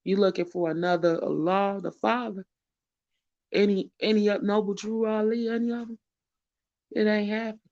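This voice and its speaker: Male livestream host, gravelly, emotional and near tears, preaching with urgency; muffled lo-fi audio. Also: high voice, level tone, normal speed. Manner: preacherly and urgent, with repeated phrases and casual shout-outs. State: tearful and emotional. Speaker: host of a live online show. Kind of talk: emotional livestream talk and exhortation. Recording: dull lo-fi stream audio.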